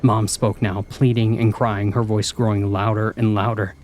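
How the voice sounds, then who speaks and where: A man narrating a first-person horror story in a measured, hushed storytelling manner. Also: fairly low pitch, level tone, slight background noise.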